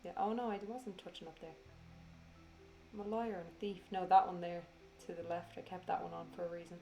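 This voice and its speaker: Tired woman rambling thru a craft video voiceover, lowish voice, swears a lot, teases herself. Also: steady tone, a little fast, creaky, mellow, soft background music. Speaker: crafter narrating her video. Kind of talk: casual voiceover chat.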